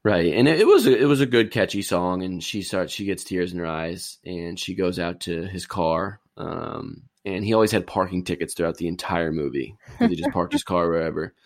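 Deep creaky-voiced man recapping casually. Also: animated, moderate pace, hardly any pauses, no room sound, clean studio sound. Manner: rambling, easygoing storytelling. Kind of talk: casual chat, retelling a movie plot.

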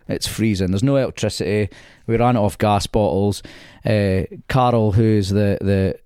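A man's voice: lowish voice, steady tone, normal speed, warm tone, clear, resonant tone, no room sound, clean studio sound. A man talking casually about golf courses as a podcast guest, chatty and laughing often, with stammering restarts.

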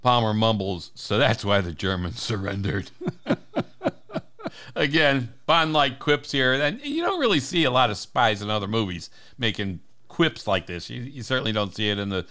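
A man's voice: medium pitch, very animated, moderate pace, pushed and bright. A man co-hosting a podcast, casually retelling movie scenes and laughing often as he talks. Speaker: podcast co-host. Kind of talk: casual film discussion chat.

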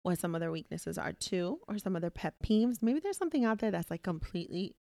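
A young woman chats on her podcast, blunt, laughing and swearing freely. Her voice sits at a middle pitch. It is recorded close and dry. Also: sing-song, fast, vocal fry, mellow, no echo. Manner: frank, profane, laughing. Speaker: podcast co-host. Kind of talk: casual chat.

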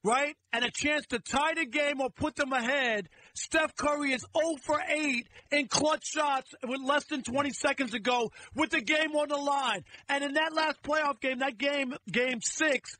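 A man's voice: extremely high pitch, a little slow, hardly any pauses, pushed and bright, rough recording. A middle-aged man guest-hosting sports talk radio, arguing emphatically and repeating his points.

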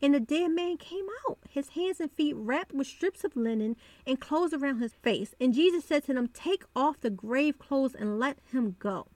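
A woman's voice: high-pitched, expressive, moderate pace, few pauses, a little mellow, dry recording. A woman hosting a devotional podcast, talking earnestly and repeating phrases for emphasis. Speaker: podcast host.

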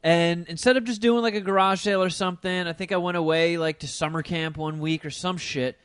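A man's voice: high-pitched, fairly even intonation, fairly quick, fairly bright tone, smooth, no room sound, studio quality. A man co-hosting a podcast, telling rambling, profane stories in a casual chat.

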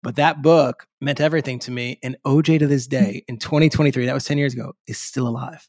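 A man's voice: medium pitch, dry recording. Eager storytelling man, dry close sound. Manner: eager, animated storytelling with quick restarts. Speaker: sports reporter, podcast guest. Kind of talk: casual storytelling interview.

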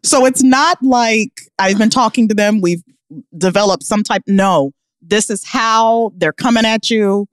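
A woman's voice: mid-range voice, unhurried, dry recording, clean studio sound. A woman co-hosting a podcast in casual chat, blunt and exasperated, laughing often. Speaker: podcast co-host.

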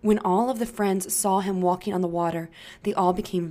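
A woman narrating a Bible story for young children, gentle and inviting the listeners to join in. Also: fairly low pitch, steady tone, moderate pace.

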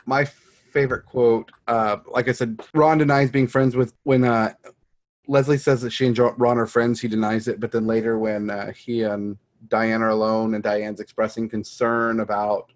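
A man co-hosting a podcast in casual chat, speaking haltingly with many pauses. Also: mid-range voice, level tone. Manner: halting, many ums and uhs. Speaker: podcast co-host.

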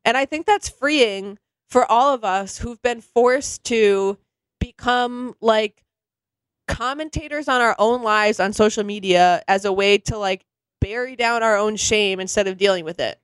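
A woman co-hosting a chatty podcast, retelling scenes in an animated way and peppering her talk with "like.". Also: mid-range voice, a little slow, clear, resonant tone, dry recording. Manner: animated storyteller, heavy use of "like". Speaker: podcast co-host. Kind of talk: casual chat, animated retelling.

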